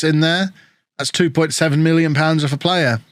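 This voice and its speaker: A man live-streaming a football management game, chatting with viewers and reacting excitedly to the match. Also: on the high side, moderate pace, no room sound, studio quality. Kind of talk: casual live-stream commentary.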